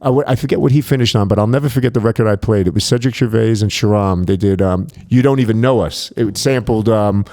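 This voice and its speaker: Male club DJ, podcast guest: casual, swears a lot, animated storyteller. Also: on the low side, quick pace, hardly any pauses. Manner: profane, animated anecdotes with quoted dialogue.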